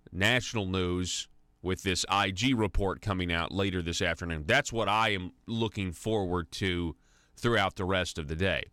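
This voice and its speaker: A man hosts political talk radio, his voice low yet bright and forceful. He talks in opinionated bursts, restarting his sentences often. The sound is dry and close. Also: clear, resonant tone, no room sound. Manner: opinionated, with many restarts and fillers. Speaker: radio talk show host.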